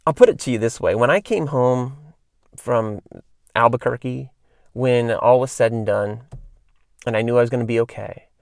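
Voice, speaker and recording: A man's voice: mid-range voice, gravelly, no echo, clean studio sound. A man in his late thirties telling stories in a casual, rambling monologue, full of fillers and tangents, as a podcast host. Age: 30s.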